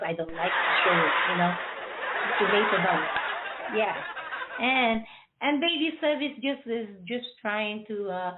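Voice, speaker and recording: A woman hosting a radio show, chatting casually and jokingly before it starts, rambling and laughing at her own jokes. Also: medium pitch. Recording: tinny phone-like line.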